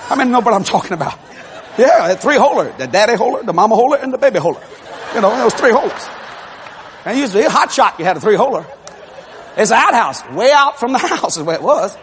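A man preaching with a high, lively voice that leaps up and down as he acts out a story from the pulpit. He shouts and laughs his way through it. A faint hiss of noise sits under the recording. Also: fast, a faint crowd. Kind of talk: humorous sermon storytelling.

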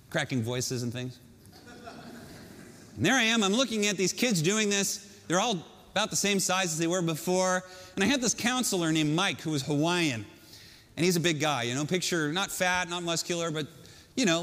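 High-voiced male storyteller, animated and self-mocking, talking to a crowd, long hall reverb. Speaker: speaker telling a personal story. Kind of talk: storytelling talk to an audience.

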